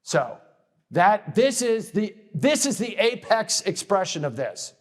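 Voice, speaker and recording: A man's voice: high voice, very animated, takes it slowly. A man lecturing at a conference in a conversational way, often checking in with "okay?" and restarting phrases as he builds a point. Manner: restarts and repeats words while building a point. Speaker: military studies lecturer and author.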